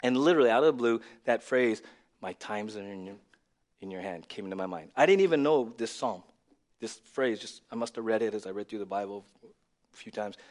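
A male pastor preaching a sermon, dropping to a near whisper and then rising to loud, emphatic lines. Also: lowish voice, fairly quick. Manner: swings from hushed to loud and emphatic.

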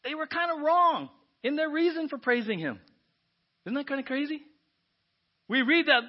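A man preaching a sermon as pastor, animated and often asking the congregation "right?". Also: very high-pitched, normal speed, pauses often. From United States. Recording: dull lo-fi church audio.

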